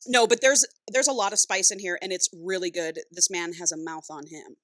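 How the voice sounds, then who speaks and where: A young woman co-hosting a casual podcast, excitedly retelling a novel, gushing, and laughing often. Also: fairly low pitch, brisk, no echo. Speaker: podcast co-host.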